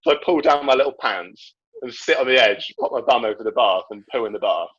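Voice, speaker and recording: A man's voice: medium pitch, expressive, brisk, fairly bright tone, breathy edge. A young man telling a childhood story in casual chat, laughing often and acting out the voices. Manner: chatty, laughs often, acts out quoted voices. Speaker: podcast guest. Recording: dull lo-fi sound.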